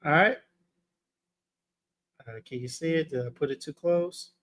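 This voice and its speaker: A man's voice: a little high, measured pace, a bit bright. A laid-back man hosting a casual livestream fragrance review, chatting with his viewers in slang. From Texas.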